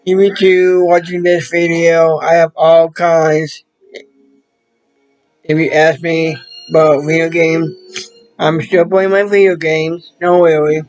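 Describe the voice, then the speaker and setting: High-voiced, slow-talking man vlogging. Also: flat delivery, soft background music, poor audio. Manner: rambling, halting, loosely strung phrases. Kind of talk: casual chat to camera.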